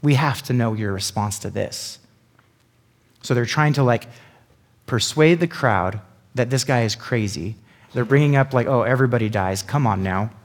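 A man teaching a Bible passage in a relaxed, chatty way. His pitch sits in the middle for a man, and he keeps tossing quick asides to his listeners. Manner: chatty, lots of "like" and "right?" asides.

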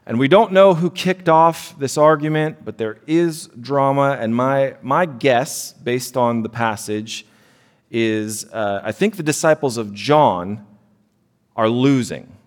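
A man's voice: medium pitch, slow pace. A man in his thirties preaching a sermon in church, conversational and self-deprecating, with frequent "right?" asides. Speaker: pastor. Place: church sanctuary. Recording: long hall reverb.

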